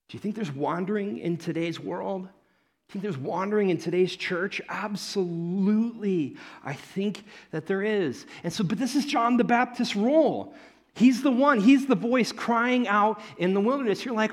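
A man preaching a sermon as pastor in a church, conversational and animated, often acting out the voices he quotes. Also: high-pitched, moderate pace.

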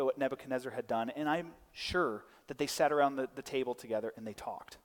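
Long reverb trails the mid-range voice of this pastor, a man in his thirties. His sermon is full of lively storytelling in which he performs different voices.

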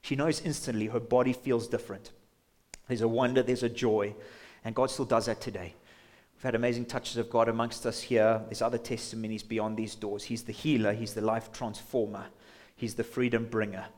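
A man's voice: mid-range voice, flat delivery, normal speed, darkish tone. A man preaching a sermon as pastor in a church, passionate, sometimes acting out imagined voices. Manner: impassioned, acts out imagined inner voices.

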